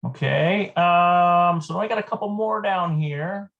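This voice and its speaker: A man teaching a casual language lesson, thinking aloud and slowly repeating words as he works through exercises. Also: sits high, vocal fry, phone-quality sound.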